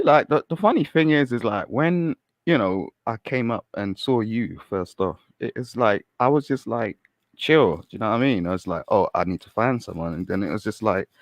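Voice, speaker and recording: A man calling into a live stream, telling his story in a casual, animated way, swearing and laughing as he goes. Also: medium pitch, no room sound. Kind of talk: casual chat.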